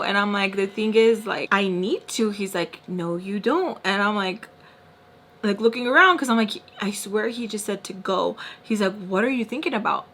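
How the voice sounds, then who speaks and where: Casting note: young woman vlogger, chatty storytime, mid-pitched voice, lots of "like" and "y'all". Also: brisk, slight background noise. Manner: animated, acts out the voices of people in her story; peppered with "like" and "y'all". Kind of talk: casual storytime.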